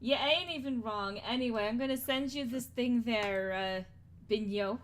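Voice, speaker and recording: A woman's voice: fairly high pitch, normal speed. A woman streamer in casual, playful chat with friends during an art stream, laughing often and swearing freely.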